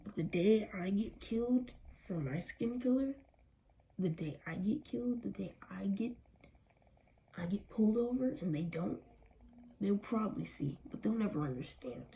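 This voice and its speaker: Angry, weary woman with a gravelly voice. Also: medium pitch, expressive, normal speed, warm tone, a little hiss or hum, poor audio. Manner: angry, weary, emphatic, with strong language. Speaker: vlogger. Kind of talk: impassioned personal vlog.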